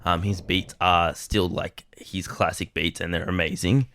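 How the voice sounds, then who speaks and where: A man's voice: deep voice, flat delivery, measured pace, a bit bright. A young man co-hosting a podcast, chatting casually in a rambling way with lots of fillers. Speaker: podcast co-host. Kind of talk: casual chat.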